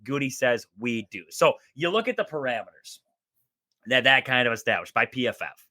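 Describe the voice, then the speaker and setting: A man hosting a casual sports radio show with a hoarse, worn voice, rambling energetically and repeating himself. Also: medium pitch, animated, moderate pace, sharp tone, no room sound, studio quality. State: hoarse, voice going.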